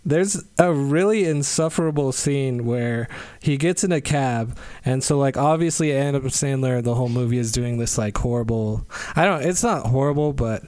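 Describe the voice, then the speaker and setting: Male podcast co-host, smooth clear voice, dry close mic, laid-back and rambling. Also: mid-range voice, moderate pace, hardly any pauses, darkish tone, dry recording. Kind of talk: casual chat retelling a movie plot.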